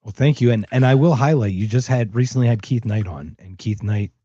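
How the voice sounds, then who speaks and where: A man from Philadelphia hosting a podcast, talking in an energetic, chatty, excitable way. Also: fairly low pitch, brisk, no room sound, dull audio. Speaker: podcast host. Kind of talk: casual interview chat.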